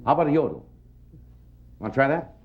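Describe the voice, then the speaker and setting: A man hosting a TV talk show, asking quick, friendly questions with frequent restarts. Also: fairly high pitch, big pitch swings, slight background noise. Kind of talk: casual TV interview. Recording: dull lo-fi TV recording with audience.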